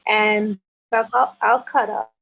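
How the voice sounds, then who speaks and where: A woman guest in a casual chat who talks in halting bursts with many restarts and likes to tease. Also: mid-range voice, flat delivery, gravelly, a bit bright, slightly rough. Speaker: interview guest. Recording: dull lo-fi sound.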